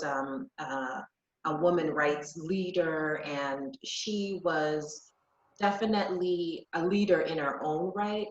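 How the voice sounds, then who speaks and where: Woman, podcast guest, personal storytelling, slightly low voice, reflective, many ums and restarts, echoey room. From Jamaica. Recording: echoey room, dull lo-fi sound.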